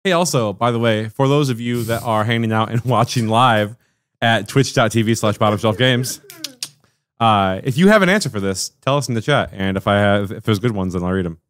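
A man with a fairly low voice hosts a loose, casual podcast, rambling through restarts and exasperated asides. The recording is dry and close, with no room sound. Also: a little fast, no room sound. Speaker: podcast host.

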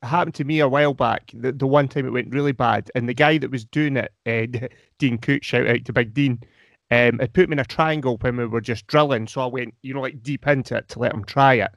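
A man telling a lively anecdote in casual chat. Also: medium pitch, dry recording.

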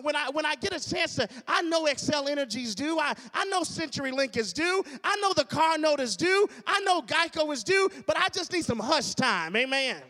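A man pastor preaching a sermon with call-and-response and repeated phrases that build to shouts, in a reverberant church hall. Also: very high voice.

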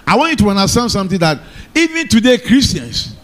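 A man's voice: high voice, very animated, brisk. A man preaching a sermon in church, often calling out to the congregation for an amen. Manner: call-and-response preaching, asks the congregation for amen. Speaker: pastor.

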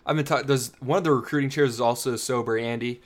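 A man's voice: mid-range voice, fairly even intonation, fast. Young man chiming in with quips. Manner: chimes in with quips and laughs. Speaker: podcast co-host. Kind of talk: casual chat.

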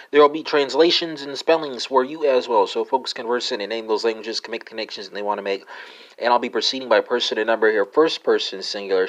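A man's voice: mid-range voice, muffled recording. A man hosting a solo language-lesson podcast, spelling out words letter by letter with lots of "uh" and "right?" and a few wry asides.

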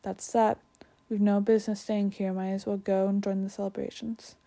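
A woman voicing an old male headmaster wizard in a storybook reading, calm and wise. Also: medium pitch, normal speed, natural voice. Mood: quiet.

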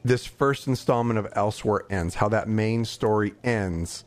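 A man co-hosting a podcast in casual chat, talking excitedly, with many fillers and quoted reactions. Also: lowish voice, measured pace, faint music behind. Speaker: podcast co-host.

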